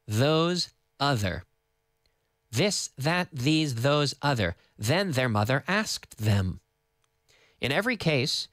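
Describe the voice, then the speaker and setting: A man from Nova Scotia teaching English on live radio from a studio microphone, patiently repeating words slowly for learners. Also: medium pitch, fairly bright tone, dry recording. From Canada (Nova Scotia).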